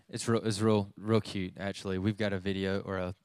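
A man's voice: low voice, level tone, a little fast, darkish tone, clean tone, dry recording. A youth pastor in his thirties preaching a sermon, telling a family story in a conversational way with many restarts.

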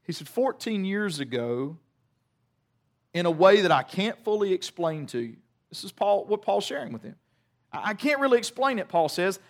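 A man's voice: high voice, big pitch swings, normal speed. A young man preaching a sermon, retelling scripture in plain conversational words with earnest emphasis. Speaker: pastor.

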